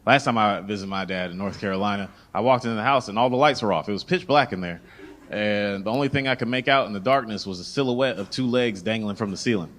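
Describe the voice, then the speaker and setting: A man doing a stand-up comedy set on a club stage. He tells his stories in an animated, swearing style into a handheld mic. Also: fairly low pitch, fast, a little hiss or hum.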